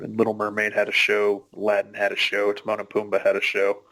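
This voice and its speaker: A man's voice: lowish voice, monotone, fairly quick, pushed and bright, dry recording, rough recording. A man talking through a movie in a laid-back, explanatory way, swearing often. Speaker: movie commentary co-host. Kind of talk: casual movie commentary.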